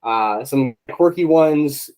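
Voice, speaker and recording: A man's voice: mid-range voice, slow pace, darkish tone, low-quality recording. A man hosting a casual interview podcast, chatty with lots of filler words. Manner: chatty, many fillers, friendly. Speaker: podcast host.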